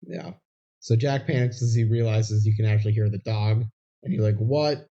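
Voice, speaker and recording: A man's voice: fairly low pitch, steady tone, a little fast, dark tone, highs cut off. A man co-hosting a podcast, recapping a movie scene by scene and acting out the characters' lines. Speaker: podcast co-host. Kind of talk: casual movie recap chat.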